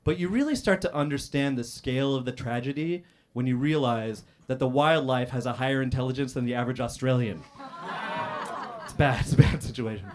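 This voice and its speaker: A man's voice: mid-range voice, a little hiss or hum. Man doing a stand-up roast. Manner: deadpan, dry delivery with many "uh" pauses and loud outbursts. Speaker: stand-up comedian in a roast battle. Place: comedy club stage.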